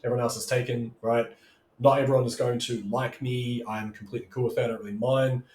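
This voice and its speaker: A man's voice: medium pitch, level tone, fast, a little mellow, a little hiss or hum. Guy giving marketing coaching in an echoey room, chatty and loose, keeps saying right?. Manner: loose and chatty, keeps asking "right?", acts out customers' voices. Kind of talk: casual teaching monologue.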